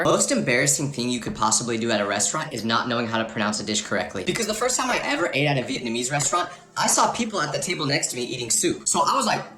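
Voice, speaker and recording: A young man telling comedic stories in a fast, animated monologue with exaggerated asides. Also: fairly high pitch, reverberant. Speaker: storyteller.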